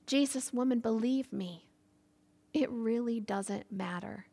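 A woman's voice: fairly high pitch, slow pace, vocal fry, mellow, heavily acted. A woman doing a patient Jesus. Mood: earnest. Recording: echoey hall with long reverb.

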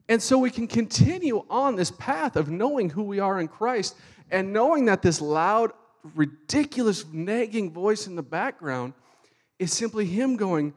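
A man preaching a sermon with animated, fervent delivery. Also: sits high, measured pace, few pauses. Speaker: pastor.

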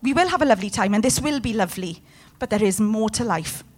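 A woman's voice: medium pitch, expressive, quick pace. A woman preaching a sermon with passion, putting questions to her congregation. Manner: impassioned, talks to the room with questions.

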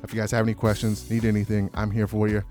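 A man's voice: on the low side, monotone, fast, a little mellow, faint music behind. A man hosting a motivational podcast alone, talking in an earnest, rambling way with lots of fillers and restarts. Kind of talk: casual solo motivational talk.

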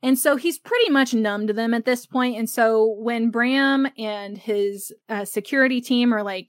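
Chatty woman host of a live book club, filler-heavy talk, slightly high voice, dry sound. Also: unhurried, hardly any pauses, no room sound. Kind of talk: casual livestream book discussion.

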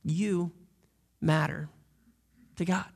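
Earnest gravelly-voiced pastor preaching. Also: male voice, a little high, fairly even intonation, extremely slow, darkish tone. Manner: earnest, direct appeals to the listeners. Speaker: lead pastor. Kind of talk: sermon.

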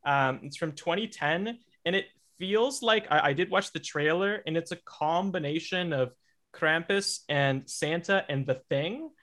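A man's voice: on the high side, a little slow, fairly bright tone. A man co-hosting a casual podcast chat, talking in a loose, rambling way. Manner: rambling, hesitant, lots of fillers and restarts. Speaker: podcast co-host.

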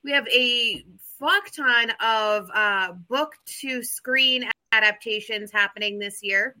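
A woman's voice: fairly high pitch, slow, bright, forceful tone. A woman co-hosting a casual podcast, chatty and rambling with plenty of fillers. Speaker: podcast co-host. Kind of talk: casual chat.

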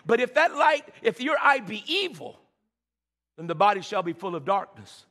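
A man's voice: sits high, big pitch swings, moderate pace, bright, forceful tone. A male pastor preaching a sermon, calling out to the congregation and stammering into repeated words as he builds. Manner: preaching with frequent stammered repeats and call-and-response. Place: church sanctuary. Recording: reverberant church hall.

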